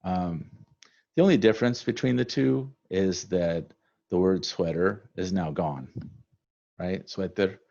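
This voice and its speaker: A man teaching a language lesson from slides, relaxed and conversational with many fillers. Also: sits low, unhurried, vocal fry. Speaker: Spanish teacher. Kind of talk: recorded slide lecture. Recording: dull lo-fi recording.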